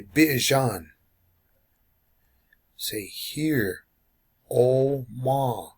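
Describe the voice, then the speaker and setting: A husky-voiced man leads a call-and-response language lesson. He drills each short phrase slowly and deliberately and repeats it over and over for learners to echo. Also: medium pitch. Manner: slow, drilling repetition of phrases. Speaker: language teacher.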